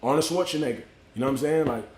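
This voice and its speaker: A man's voice: on the high side, racing, darkish tone, roomy sound. Slangy man telling a motivational story. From Miami. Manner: loose, slangy street talk; greets viewers mid-story. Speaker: livestream host.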